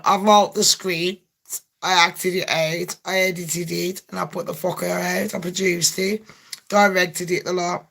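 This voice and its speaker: A woman's voice: lowish voice, vocal fry, a bit bright. A woman ranting in a casual gossip vlog, brash and full of swearing, laughing often. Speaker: gossip vlogger.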